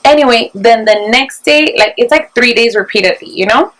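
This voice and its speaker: Chatty mom mixing in phrases. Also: female voice, fairly high pitch, moderate pace, a little hiss or hum, poor audio. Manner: animated, mixes Spanish phrases into English. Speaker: podcast host, mother. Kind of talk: casual storytelling chat.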